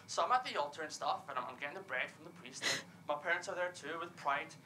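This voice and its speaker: A man's voice: fairly high pitch, fast, bright, forceful tone, slight background noise, low-quality recording. An actor playing a young stand-up comedian from Glasgow, with a Scottish accent, chatting and laughing through his set. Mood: chatty. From Scotland.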